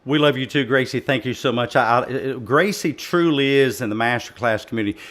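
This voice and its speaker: A man hosting a live audio panel with an earnest, encouraging tone. He has a mid-range voice and a habit of dropping in fillers and restarting lines before he warms to a point. He comes across steady and plain. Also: medium pitch, a little fast. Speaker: host.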